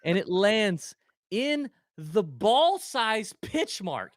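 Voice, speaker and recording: A man's voice: sits high, very animated, very slow. A man co-hosting a podcast, telling stories animatedly with goofy sound effects and casual chat. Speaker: podcast co-host.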